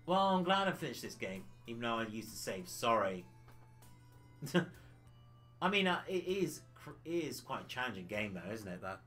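A man's voice: medium pitch, fairly bright tone. A man from the UK chatting casually on a retro gaming livestream, rambling and laughing often.

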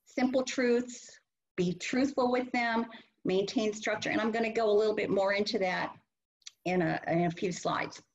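A woman presenting a workshop and teaching caregivers, earnestly acting out what to say to a child. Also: mid-range voice. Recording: muffled lo-fi webinar audio.

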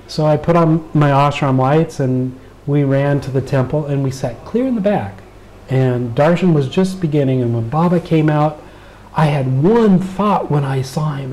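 Earnest storytelling American man, mellow voice. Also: fairly high pitch, moderate pace, a little hiss or hum, low-quality recording. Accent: American Southern. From United States. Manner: earnest, animated retelling with quoted dialogue. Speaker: interview guest. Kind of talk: storytelling interview.

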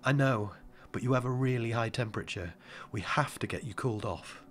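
A man reading an audiobook voices a worn, protective father who speaks gently and reassuringly. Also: medium pitch, fairly quick, voice pushed up, lightly acted.

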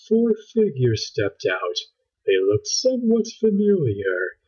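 A man reading a children's book aloud with expressive storytelling, on a dull lo-fi recording. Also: high-pitched, slow pace, breathy edge. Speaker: storybook reader.

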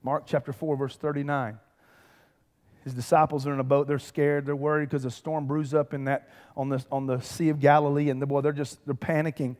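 A man, preaching a lively, conversational sermon with humor and calls to the congregation. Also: fairly high pitch, brisk. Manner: animated, conversational preaching with humor and audience call-outs. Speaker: pastor. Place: church sanctuary. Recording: church hall reverb.

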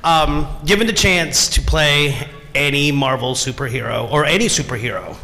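A man's voice: fairly high pitch, moderate pace, bright, forceful tone. A man, a fan at a convention panel, asking a question in a hesitant, friendly way. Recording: long hall reverb.

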